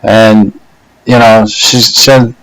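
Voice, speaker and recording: Halting man telling a story. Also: on the low side, level tone, a bit bright, no room sound, low-quality recording. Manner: unhurried, halting, many "uh" and "you know" pauses. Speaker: speaker giving a practice speech. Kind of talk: casual personal storytelling to camera. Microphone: laptop webcam.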